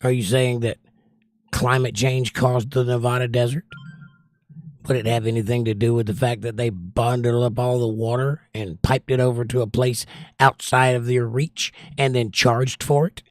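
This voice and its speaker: A man's voice: mid-range voice, flat delivery, moderate pace, no room sound, studio quality. A man hosting a casual livestream, reading out viewer comments and answering them in an opinionated, sarcastic rant. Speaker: livestream host.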